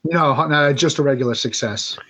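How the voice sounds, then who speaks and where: A man playing a tabletop role-playing game, speaking in a calm and polite way. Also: a little high, normal speed. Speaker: player. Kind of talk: casual tabletop game play. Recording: dull lo-fi with faint noise.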